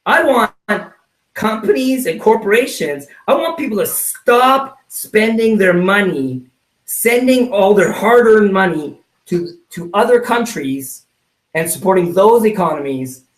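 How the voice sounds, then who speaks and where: A man giving a motivational sales training talk, acting out little scenes and checking in with "right?" from his home office. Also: sits high. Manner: animated, acts out little scenes, keeps asking "right?". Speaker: network marketing trainer. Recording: roomy sound, mic at a distance.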